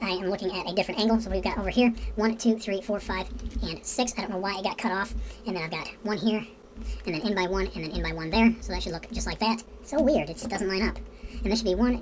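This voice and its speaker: Over slight background noise, a woman on the low side of the pitch range hosts a relaxed building tutorial for a game. She talks directly to her viewers, counting the blocks out loud and muttering curses when pieces won't align.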